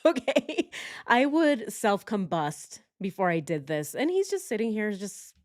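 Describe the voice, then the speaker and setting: A woman's voice: medium pitch, sing-song, measured pace, darkish tone. A woman giving casual true crime reaction commentary, indignant and exclamatory, with mocking impressions.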